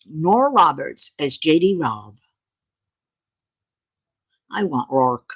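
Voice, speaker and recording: A woman chats on her own channel in a slow, low-pitched voice with a breathy huskiness. Her pitch swings widely, and she laughs often, keeping the talk playful and relaxed. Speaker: channel host. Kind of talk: casual chat to viewers.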